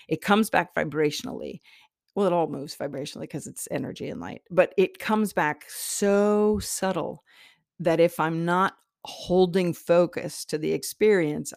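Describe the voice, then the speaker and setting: Her low, creaky voice has a darkish tone as this middle-aged spiritual teacher chats through a casual lesson. She laughs a lot and keeps restarting her sentences, captured in a clean studio recording free of echo.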